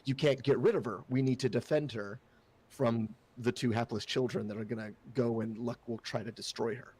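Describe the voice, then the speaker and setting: A man's voice: medium pitch, fairly even intonation, normal speed, dark tone, breathy edge. A man co-hosting a casual chat about a tabletop game, talking loosely with many fillers and restarts. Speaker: co-host and player.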